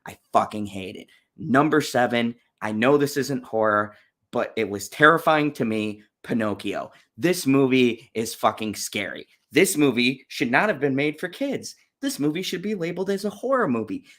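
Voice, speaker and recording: A man at an average pitch delivers a casual, ranting movie review. He talks bluntly and swears often, with plenty of fillers and restarts. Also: animated, normal speed, fairly bright tone. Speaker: channel host reviewing movies.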